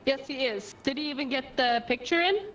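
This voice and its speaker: A woman's voice: sits high, animated, brisk, fairly bright tone, slight background noise. A woman chatting casually while gaming with friends, teasing them, swearing and laughing often.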